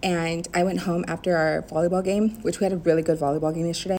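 A woman's voice: lowish voice, steady tone, quick pace, hardly any pauses, darkish tone. A young woman teacher chatting casually to her phone camera, bubbly and giggly. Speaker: teacher and vlogger.

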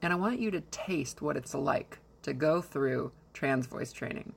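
A woman's voice: low voice, expressive, a little slow, creaky, breathy edge. A woman voice coach giving instructional advice in an encouraging, conversational way, often posing questions to the listener. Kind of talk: instructional talk to camera.

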